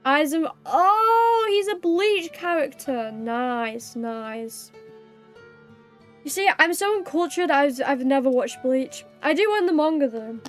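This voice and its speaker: A young British woman streaming live, chatting casually with her viewers and reading their messages, bubbly, giggly and quick to apologize. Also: high-pitched, animated, faint music behind.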